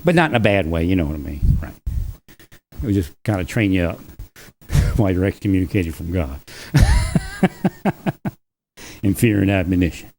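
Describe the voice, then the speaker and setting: A man's voice: low voice, animated, a little fast, long pauses, darkish tone, slight background noise. Man rambling on a livestream. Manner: rambling, chuckles often between thoughts. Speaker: livestream host. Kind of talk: rambling solo livestream talk.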